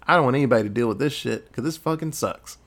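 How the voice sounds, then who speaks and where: A man's voice: mid-range voice, fast, a bit bright. A man putting on a panicked young woman stuck in a time loop, swearing in exasperation. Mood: exasperated.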